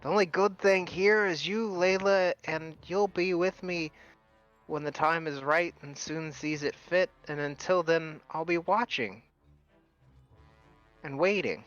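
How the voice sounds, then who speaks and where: A man voicing a gentle dead fiance who has come back as an angel, speaking tenderly and reassuringly. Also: on the high side, measured pace, highs cut off, soft background music, pitched above the performer's own voice.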